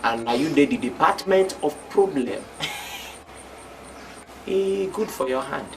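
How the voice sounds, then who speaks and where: A man's voice: a little high, expressive, unhurried, gravelly, distant mic, noisy background. An actor playing a teasing co-worker who coaxes his friend, speaking with a Nigerian Pidgin accent.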